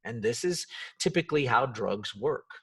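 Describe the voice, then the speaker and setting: A man hosting a solo self-help podcast, talking in an animated way and acting out the quoted voices and reactions. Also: mid-range voice, normal speed, husky, distant mic. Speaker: podcast host.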